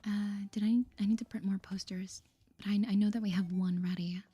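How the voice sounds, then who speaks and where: Husky whispering woman playing a game. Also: mid-range voice, fairly even intonation, fairly quick, soft background music. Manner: soft, chatty, easily amazed. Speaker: gaming channel host. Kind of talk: ASMR whispered game commentary.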